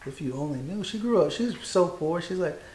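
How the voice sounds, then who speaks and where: A man's voice: on the high side, lively intonation, brisk, darkish tone, slight background noise. A man in his forties hosting a casual podcast chat, rambling in a loose, profane way with lots of fillers. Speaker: podcast host, Marine veteran. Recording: echoey room.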